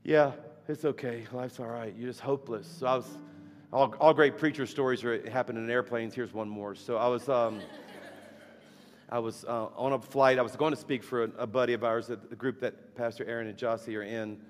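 Animated preacher in an echoey hall. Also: male voice, medium pitch, fairly quick. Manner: animated, rhetorical questions, laughs at own stories. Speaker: guest preacher. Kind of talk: storytelling sermon. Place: church sanctuary. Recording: echoey hall with faint music.

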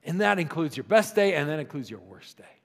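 A male pastor preaches in a relaxed, conversational way, sometimes sinking to a hushed, intimate register. His voice sits slightly high for a man. A long reverb from a large hall follows each phrase. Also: a little fast, vocal fry. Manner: conversational preaching, dropping to soft intimate tones. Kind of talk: sermon.

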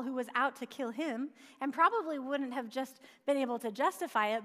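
A woman's voice: sits high, a bit bright. A woman preaching a sermon in a conversational way, asking rhetorical questions and dropping light asides. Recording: long hall reverb.

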